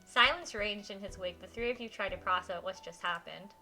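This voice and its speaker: A woman streaming a visual novel, reading the text aloud and reacting with giggles and animated comments. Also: medium pitch, fairly quick, faint music behind.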